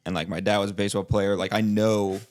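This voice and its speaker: Here a young podcast co-host rambles through casual chat, full of filler likes, restarts, and frequent laughter. He talks fast in a lowish, slightly mellow voice that barely moves in pitch.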